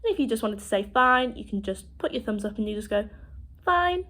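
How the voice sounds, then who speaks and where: A woman with a British accent teaching children sign language, speaking slowly and clearly as she demonstrates each word. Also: mid-range voice, mellow. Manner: slow, clear demonstrating speech.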